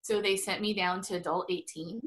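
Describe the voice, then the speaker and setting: A woman's voice: mid-range voice, fairly even intonation, a little fast. A middle-aged woman chatting as an interview guest, full of fillers and frequent laughs. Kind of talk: casual interview chat.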